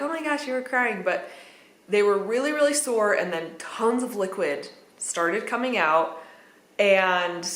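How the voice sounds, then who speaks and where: A woman's voice: medium pitch, fairly bright tone. A woman vlogging a candid personal account in a chatty way, with fillers and nervous little laughs. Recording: echoey room.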